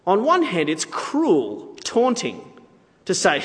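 A man's voice: high-pitched, very animated, unhurried, a bit bright, in a large hall. A man preaching a sermon in a conversational, playful way, with asides to the audience.

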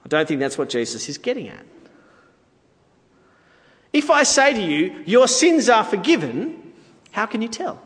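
A man delivers a sermon in a relaxed, chatty way, with playful asides to his listeners. His voice sits a little high and swings widely in pitch. The sound carries a long hall reverb. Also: moderate pace, long pauses. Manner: conversational, playful asides to the audience. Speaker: preacher.

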